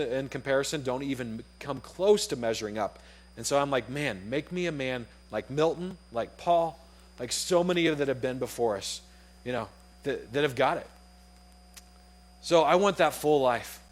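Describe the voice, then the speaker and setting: A young adult man preaching a sermon in a casual, animated way, acting out the voices in his story. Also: mid-range voice, normal speed.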